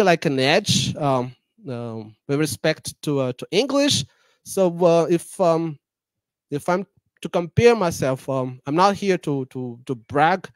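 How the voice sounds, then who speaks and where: A man's voice: a little high, dry recording. A young man from Madagascar giving a public talk, hesitant, with many fillers and restarts. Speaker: guest speaker.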